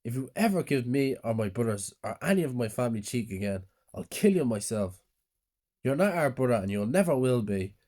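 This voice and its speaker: A man's voice: mid-range voice, very animated, a little fast, warm tone. A man voicing a cruel, threatening older brother in a spoken horror story, in a menacing way.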